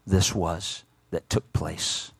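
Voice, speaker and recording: A man preaching a sermon, retelling a scripture story in lively everyday speech and often repeating his words. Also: sits low, slow pace, vocal fry, slightly rough, no echo.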